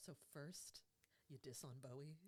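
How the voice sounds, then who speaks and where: A woman's voice: low-pitched, measured pace, a little mellow. A woman life coach co-hosting a podcast, chatting casually, laughing often and swearing now and then.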